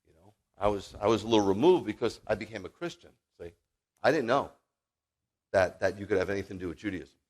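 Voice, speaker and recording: A man in his fifties, a rabbi giving a sermon, telling personal stories in an animated, jokey, emphatic way. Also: lowish voice, quick pace.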